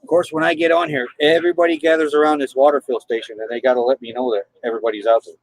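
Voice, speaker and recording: A man's voice: mid-range voice, steady tone, racing, poor audio. A man on a casual live stream from his RV in a parking lot, greeting viewers by name and talking to his dogs. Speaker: RV travel vlogger.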